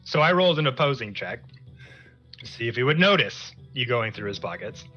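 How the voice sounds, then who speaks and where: Man, game master, tabletop game narration, very bright tone, lo-fi dull audio. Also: mid-range voice, lively intonation. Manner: descriptive, unhurried storytelling.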